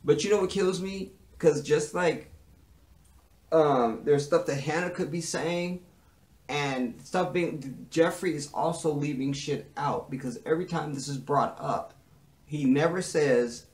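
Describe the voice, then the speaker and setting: A man talks straight to camera in a loose, animated recap, cursing freely and acting out each exchange. His voice sits a little high for a man. The room around him is echoey. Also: a little slow. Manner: animated, profane, acts out the dialogue. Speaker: TV episode reviewer.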